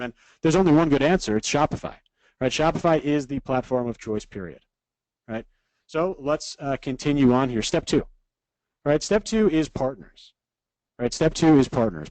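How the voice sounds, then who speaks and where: An online course instructor runs a live webinar, cheerfully walking through steps, tacking "right?" onto almost every point, and reading out viewer comments from the live chat. His voice is medium-pitched with a darkish tone, and the recording is dry and rough.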